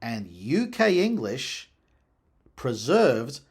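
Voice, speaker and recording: Guy with a slightly husky voice explaining language history, lively ups and downs, scholarly. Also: medium pitch, drawn-out words. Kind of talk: explanatory lecture.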